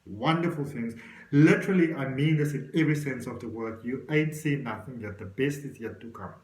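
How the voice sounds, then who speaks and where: Male tarot reader, encouraging and direct with the viewer, mid-pitched voice, roomy echo. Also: a little fast, darkish tone. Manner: encouraging, talks straight to the viewer. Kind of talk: tarot reading to camera.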